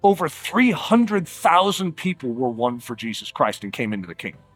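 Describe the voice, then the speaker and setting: A man preaching a sermon, emphatic and conversational, slowing down for dramatic words and dropping quiet at times. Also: medium pitch, husky, no echo, soft background music. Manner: animated, emphatic, with dramatic slowdowns and quiet drops; conversational fillers like "like" and "uh".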